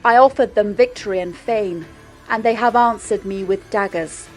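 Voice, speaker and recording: A woman voicing a defiant male French general, declaiming loudly with her voice raised. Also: mid-range voice, moderate pace, soft background music, lightly acted. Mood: bitter.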